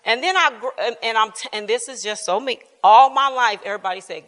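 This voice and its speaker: Bright-voiced woman teaching in a reverberant church hall. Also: a little high, quick pace, hardly any pauses. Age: 50s. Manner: earnest, animated, laughs often, informal speech. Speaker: Bible class teacher. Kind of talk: candid personal storytelling in a church class.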